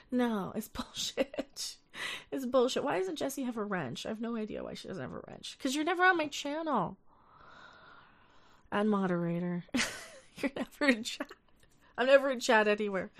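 A young woman rants through a casual livestream with an exasperated edge and a steady run of profanity. Her voice sits a little high, and she breaks off now and then to read viewer comments aloud. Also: moderate pace, creaky. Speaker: livestream host.

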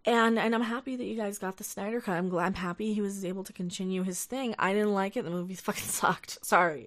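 A woman's voice: mid-range voice, fairly even intonation, fast talker, hardly any pauses. A young woman hosting a casual livestream, ranting with lots of profanity, exasperated, and reading viewer chat aloud. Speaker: livestream host.

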